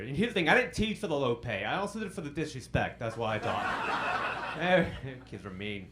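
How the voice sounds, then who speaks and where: A man's voice: mid-range voice, very animated, brisk, few pauses, background noise. A man in his thirties doing a stand-up comedy set on a club stage, self-deprecating, with dry punchlines delivered to the crowd.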